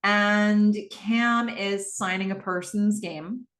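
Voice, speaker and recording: A woman's voice: mid-range voice, steady tone, slow pace, fairly bright tone, soft background music. Chatty podcast host woman, roomy echo. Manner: chatty with frequent fillers. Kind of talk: casual episode recap.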